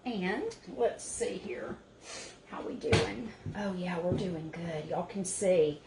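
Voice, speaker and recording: A woman's voice: on the low side, slow pace. A woman hosting a casual cooking demonstration from her small cabin kitchen, homey and chatty. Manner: homey, chatty, talks to viewers as y'all. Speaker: cooking show host. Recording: echoey room with clear background noise.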